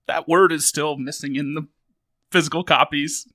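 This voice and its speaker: A man speaking as a guest on a podcast, easygoing and chatty as he tells his stories. His voice is a little higher than most and bright and forceful. It sounds close and dry. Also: steady tone, brisk, no room sound. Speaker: guest, author and photographer. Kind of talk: casual chat.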